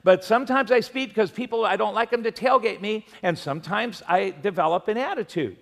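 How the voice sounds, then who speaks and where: Male pastor, high and gravelly voice, chatty sermon full of jokey anecdotes, long church reverb. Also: brisk, a bit bright. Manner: conversational preaching with humorous anecdotes.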